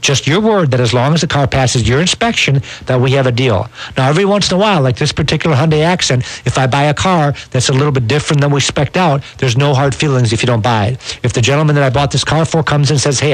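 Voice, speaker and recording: A man pitches used cars in a folksy, persuasive run. He talks fast at a middle pitch. The sound is dry and close, with no room echo. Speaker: used car dealer. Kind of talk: sales pitch on a local TV show.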